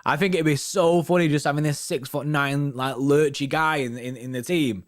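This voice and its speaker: A man's voice: on the high side, steady tone, normal speed. A young man hosting a football fan live stream, chatting casually with viewers, full of slang and tags like "innit" and "you know what I mean".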